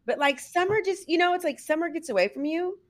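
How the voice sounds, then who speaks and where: A woman's voice: very high voice, animated, quick pace. A middle-aged woman hosting a podcast, chatting casually with many "like"s and "you know"s and laughing often. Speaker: podcast host. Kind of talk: casual chat.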